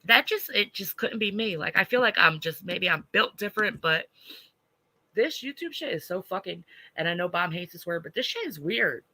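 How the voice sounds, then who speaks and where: A woman's voice: lowish voice, lively intonation, normal speed, pushed and bright, dry recording, rough recording. A woman ranting on a livestream, blunt and profane, stopping to answer chat. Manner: blunt and profane, heated, reads chat aloud. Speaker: livestreamer reacting to online drama.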